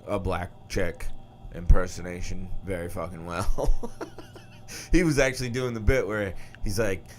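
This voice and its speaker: A man's voice: deep voice, measured pace, soft background music. A man co-hosting a casual podcast chat, swearing freely and laughing often as he tells stories. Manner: profane, laughs often, animated storyteller. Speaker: podcast co-host.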